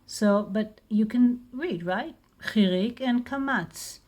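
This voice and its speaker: Slow, patient woman with an Israeli accent. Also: fairly low pitch, darkish tone. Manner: patient, repeats words slowly. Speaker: Hebrew teacher. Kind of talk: slow spoken lesson.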